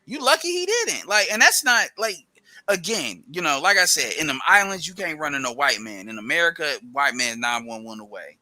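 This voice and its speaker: A man's voice: a little high, brisk, bright, forceful tone, no room sound. A man co-hosting a casual podcast chat, talking loosely with lots of swearing and restarts.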